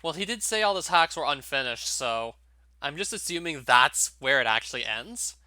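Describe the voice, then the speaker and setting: A man's voice: fairly high pitch, lively intonation, normal speed, pushed and bright, no room sound. A young man giving casual, wry gameplay commentary, often laughing and reading on-screen text aloud. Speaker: let's play commentator.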